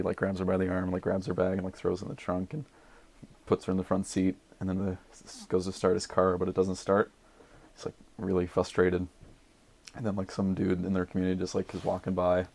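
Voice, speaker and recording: A young man on a podcast, casually rambling through a movie pitch with lots of fillers. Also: creaky, darkish tone, slightly rough. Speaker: podcast regular.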